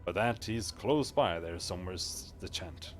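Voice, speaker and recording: A man voicing a wary, greedy male street collector in a game, gruff and slangy. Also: low-pitched, lively intonation, a little slow, soft background music.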